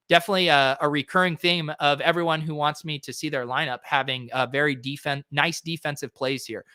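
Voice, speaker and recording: A man's voice: fairly high pitch, bright, forceful tone, no echo, studio quality. A man hosting a fantasy sports show, reviewing lineups in a casual, chatty way with lots of fillers. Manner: chatty, filler-heavy, quick asides. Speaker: fantasy sports podcast host.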